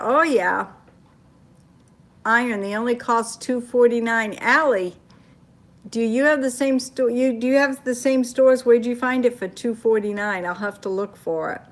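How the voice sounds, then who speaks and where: A woman's voice: fairly high pitch, a little slow. An older woman from Maine with a Maine accent, casually chatting on a phone livestream, reading viewer comments and telling stories. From Maine, USA. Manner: chatty storytelling, reacting to comments.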